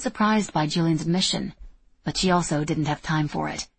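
A woman reading a novel aloud in steady, measured scripted narration. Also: low-pitched, vocal fry, slightly rough. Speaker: audiobook narrator.

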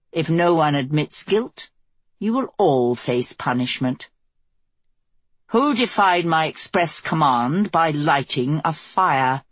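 A woman's voice: low-pitched, husky, no room sound, heavily acted. A woman reading the part of an embittered, imperious queen who gives cold orders and flares into rage. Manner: cold, commanding, quick to rage.

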